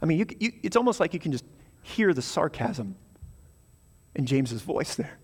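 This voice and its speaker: Male pastor, high voice, emphatic sermon, long church reverb and hum. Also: very animated, normal speed, pauses often, darkish tone, slightly rough. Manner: emphatic preaching with rising repeated phrases. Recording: hall reverb with mains hum.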